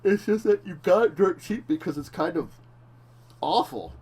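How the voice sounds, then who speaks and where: A man's voice: high-pitched, lively intonation, moderate pace, a little mellow, husky. Rambling man in casual tabletop chat. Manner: rambling, self-correcting, laughs often. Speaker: talk show co-host.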